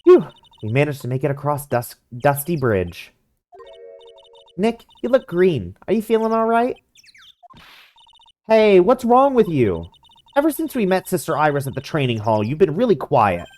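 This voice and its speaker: A woman's voice: sits low, sing-song, moderate pace, pauses often, warm tone, soft background music. A woman playing a teasing, cheerful teenage girl. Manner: playful and teasing. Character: cheerful, teasing nineteen-year-old girl. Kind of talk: fan dub of a game.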